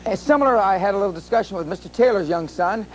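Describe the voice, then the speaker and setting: A man's voice: sits high, expressive, fast talker, slight background noise, rough recording. Blunt, profane older man speaking at a seminar. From USA. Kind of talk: live seminar talk.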